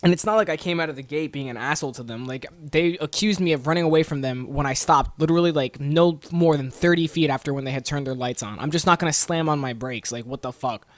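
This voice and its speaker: A man's voice: a little high, fast talker, few pauses, dry recording. A young man hosting a podcast, telling a story in a profane, exasperated rant. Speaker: podcast host. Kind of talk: casual storytelling monologue.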